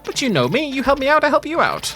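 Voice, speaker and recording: A man's voice: extremely high pitch, huge pitch swings, quick pace, pushed and bright, pitched above the performer's own voice, heavily acted. A man voicing a pushy, shady male dealer character in a raised, brash voice. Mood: wheedling.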